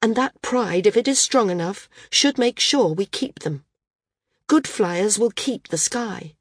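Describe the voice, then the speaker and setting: Woman audiobook narrator, husky tone, dry close sound, measured. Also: medium pitch, animated, no echo. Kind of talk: scripted narration.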